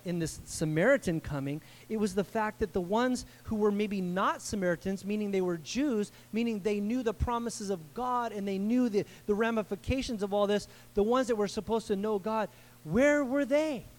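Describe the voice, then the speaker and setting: High-voiced man preaching casually. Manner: animated, acts out the people in the story; slangy and conversational. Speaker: pastor. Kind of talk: casual sermon.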